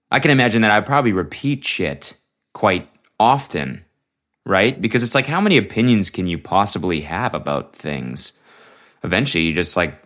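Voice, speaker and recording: A man's voice: lowish voice, a bit bright. A young man hosting his own podcast alone, rambling in a laid-back, self-mocking way into a mic while wearing headphones. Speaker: podcast host. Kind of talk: casual solo podcast chat. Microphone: headphones on, studio mic.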